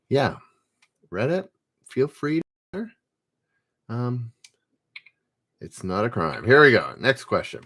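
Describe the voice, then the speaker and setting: A relaxed man hosts a live trivia stream and reads each question out before chatting with viewers. His voice swoops up and down a lot, and he takes his time. He laughs easily as he goes. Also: medium pitch, slow, pauses often. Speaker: trivia game host.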